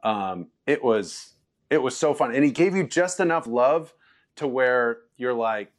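A man, a former quarterback, telling stories as a guest in a relaxed, laughing way. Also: medium pitch, a little slow. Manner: loose and laughing, quotes people in lively voices. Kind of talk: casual storytelling interview.

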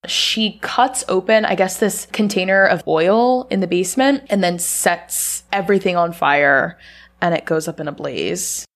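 A woman with a lowish voice who speaks at an unhurried pace, carefully laying out a movie's final scenes. Her delivery is measured and conversational. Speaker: podcast co-host. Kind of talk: casual film recap chat.

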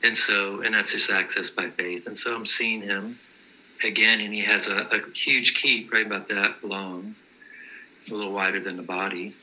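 A man's voice: lowish voice, fairly even intonation, normal speed, sharp tone, low-quality recording. A man telling personal vision stories in a casual, earnest, matter-of-fact way.

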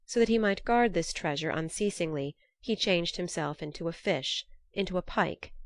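Woman reading a storybook, low voice, steady and measured, dry close sound. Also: dry recording. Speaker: narrator.

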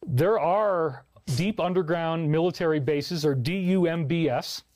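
An earnest man rambles through a livestream monologue, stopping to read comments. His voice sits a bit high. The sound is dry and close. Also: unhurried, darkish tone, no echo. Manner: rambling, earnest, reads chat aloud. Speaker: livestream host.

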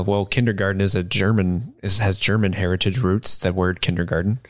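A man's voice: sits low, steady tone, brisk, no room sound. A man co-hosting a podcast, rambling loosely through stories with laughs. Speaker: podcast co-host. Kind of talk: casual chat.

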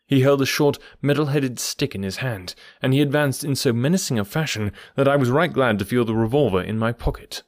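A man reading an audiobook in measured storytelling narration. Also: medium pitch, dry recording, studio quality. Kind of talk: scripted narration.

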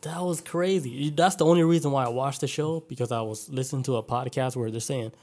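A man's voice: medium pitch, fairly quick, a little mellow. Laid-back guy swearing through anecdotes. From Atlanta area. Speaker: podcast co-host. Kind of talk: casual podcast chat.

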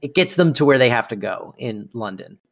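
A man's voice: mid-range voice, expressive, fairly quick, gravelly. Rambling man co-hosting a podcast. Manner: rambling, self-correcting, enthusiastic. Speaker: podcast co-host. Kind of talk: casual chat reviewing a sitcom episode.

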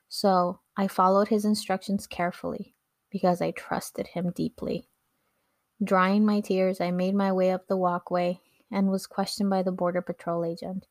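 A woman's voice: mid-range voice, level tone, moderate pace, no echo, studio quality. A woman telling her own story in an earnest, reflective scripted narration.

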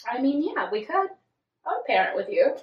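In a high, sing-song voice that's a little fast, a woman co-hosts a podcast, chatting about celebrity gossip with lots of "like" fillers. The audio is dull, and she's far from the mic in an echoey room.

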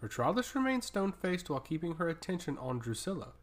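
A man narrating a fantasy story in a steady, even storytelling way. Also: a little high, fast. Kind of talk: scripted fantasy audiobook narration.

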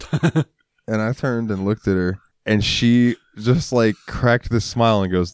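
A man's voice: lowish voice, unhurried, a little mellow, smooth, dry recording, studio quality. A man co-hosting a podcast, laid-back and crude, laughing easily as he tells stories. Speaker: podcast co-host. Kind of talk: casual chat.

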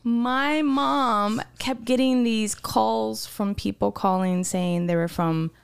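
A woman's voice: a little high, steady tone, takes it slowly, gravelly, smooth. A woman co-hosting a casual podcast, telling a story and acting out quoted voices with big jumps. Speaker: podcast co-host. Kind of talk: casual chat.

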